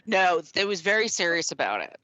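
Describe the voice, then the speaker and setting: Lively woman cohost, bright voice, lots of laughs, dry close sound. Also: on the low side, fairly quick, dry recording, dull audio. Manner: animated, laughs often, strings thoughts with "I mean". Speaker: podcast co-host. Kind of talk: casual chat.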